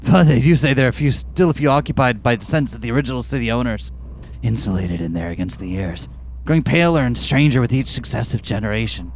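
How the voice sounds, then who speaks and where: A game player putting on a deep, drawling voice for a swaggering cowboy-talking young friend in a video game. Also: quick pace, slight background noise, lightly acted. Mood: conspiratorial. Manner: drawling, low and gruff.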